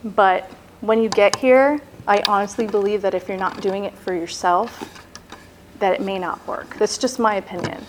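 A woman telling her own recovery story in a candid personal testimony, halting and peppered with "like" and "you know". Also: medium pitch, steady tone, background noise.

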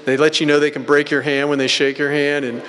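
A man's voice: a little high, little pitch movement, a little fast, fairly bright tone, a little hiss or hum. A man giving a personal recovery testimony at a meeting, telling stories in a blunt, rambling, casual way full of filler words. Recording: hall with long reverb.

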